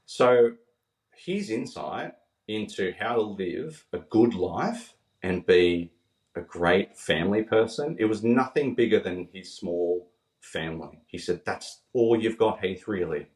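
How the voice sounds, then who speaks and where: A man's voice: lowish voice, lively intonation, slow pace, darkish tone. Earnest man, distant and roomy. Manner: earnest, heartfelt, quoting others as he tells stories. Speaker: podcast guest. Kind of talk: emotional storytelling in conversation.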